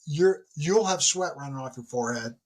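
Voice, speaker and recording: Husky man around 60, animated storyteller. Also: normal speed. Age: about 60. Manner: animated storyteller who acts out dialogue with big pitch jumps. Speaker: podcast guest, retired military leader. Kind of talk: casual interview conversation.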